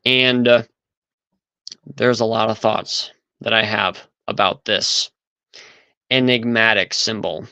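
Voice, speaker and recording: A man's voice: fairly low pitch, fairly even intonation, slow, vocal fry, pauses often, pushed and bright, clear, resonant tone, dry recording, rough recording. A man hosting a livestream in casual chat, talking aloud as he sets things up. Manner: chatty, thinks aloud while setting up. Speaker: livestream host.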